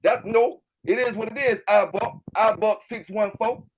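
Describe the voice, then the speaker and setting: Loud high-voiced Southern man ranting. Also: normal speed, slight background noise. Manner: loud, fired-up, profane, keeps repeating filler tags. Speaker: dog kennel owner and channel host. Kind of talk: livestream rant answering chat.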